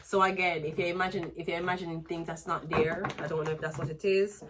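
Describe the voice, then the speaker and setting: A woman's voice: on the low side, flat delivery, fast talker, very noisy. Woman, tarot reader, blunt, rambling, crude casual delivery. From Jamaica. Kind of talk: casual tarot reading with sung snippets.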